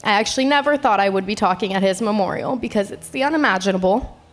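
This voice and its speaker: A woman's voice: mid-range voice, fast talker. An eighteen-year-old woman reading a tender, heartfelt eulogy at a memorial gathering. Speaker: eulogy speaker, eldest daughter.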